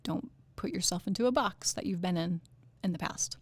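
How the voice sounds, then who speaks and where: A woman's voice: on the low side, moderate pace, slightly rough, no room sound. A woman hosting a wellness podcast, talking casually and animatedly with fillers and laughs. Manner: chatty and animated, fillers and laughs, puts on goofy voices for quotes. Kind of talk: casual motivational talk.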